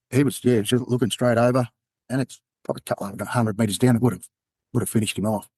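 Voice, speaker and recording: A man with an Australian accent, a podcast guest telling a personal story in a candid, halting way. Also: mid-range voice, darkish tone, breathy edge, no echo. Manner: candid, halting, acts out quoted dialogue. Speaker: podcast guest, former undercover police officer.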